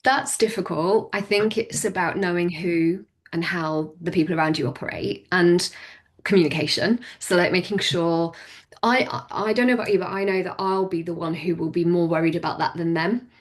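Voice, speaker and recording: A woman in her forties, a business owner, is a guest on a podcast for a casual interview chat. Her voice is fairly low and her pace moderate, and she laughs often and restarts her sentences.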